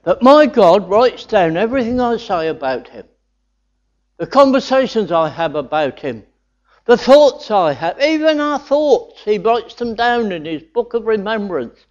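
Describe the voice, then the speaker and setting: A man's voice: sits high, sing-song, unhurried, darkish tone. An older man preaching a sermon, earnest and building to enthusiastic exclamations of wonder. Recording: dull lo-fi recording.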